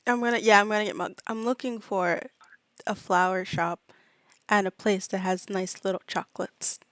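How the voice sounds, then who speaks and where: A woman playing a tabletop game, speaking hesitantly with halting fillers. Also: medium pitch, fairly even intonation, fairly bright tone, no room sound. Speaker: player. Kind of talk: casual tabletop role-play.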